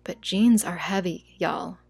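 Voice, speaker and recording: A woman's voice: on the low side, takes it slowly, vocal fry, darkish tone, slightly rough, dry recording. A young American woman telling a travel story in a casual, emotional vlog, talking straight to her viewers. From United States. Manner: chatty, emotional, says "like" and "you guys" a lot. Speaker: travel vlogger.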